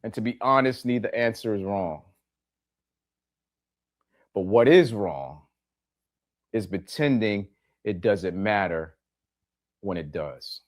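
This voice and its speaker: Slow low-voiced man talking to listeners. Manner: plainspoken, repeats key phrases for emphasis, asks listeners direct questions. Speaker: podcast host. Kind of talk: reflective monologue to listeners.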